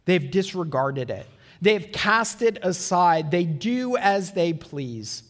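A man preaching a sermon in an earnest way, asking rhetorical questions and slowing down for emphasis. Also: sits high, sing-song, long reverb tail. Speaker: pastor.

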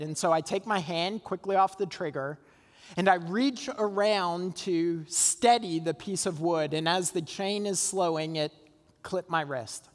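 A pastor preaching a sermon, telling a personal story in a relaxed, conversational way with small laughs and restarts. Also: male voice, high voice. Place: church sanctuary. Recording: long hall reverb.

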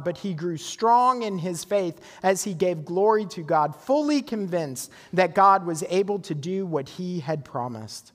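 Male pastor, sermon, high voice, conversational, asks for agreement, long reverb.

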